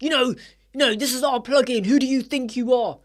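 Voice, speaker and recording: Man mimicking a haughty, defensive plugin rep, pitched up. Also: steady tone, very fast, sharp tone. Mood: indignant. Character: pushy indignant male plugin company rep.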